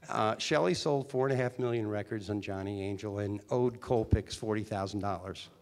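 A man's voice: on the low side, normal speed. Chatty older man telling stories. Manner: chatty, animated, with restarts. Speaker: guest, former teen singer and actor. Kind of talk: storytelling interview talk.

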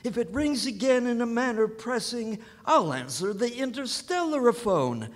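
A frazzled cosmic official in an old rhymed radio play. His voice sits high and leaps all over the place, fussing and fretting at an unhurried pace. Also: expressive. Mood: fretful. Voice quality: fussy, fretful, theatrical. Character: flustered cosmic official, fussy middle-aged man. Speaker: vice president in charge of physiochemistry.

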